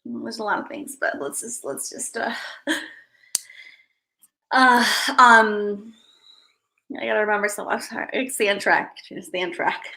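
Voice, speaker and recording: A woman with a bright, forceful voice that sits a little high, chatting casually on a livestream. She rambles, restarts her thoughts and calls out viewers by name as she goes. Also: steady tone, unhurried, vocal fry, pauses often, low-quality recording. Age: adult parent. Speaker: livestream host.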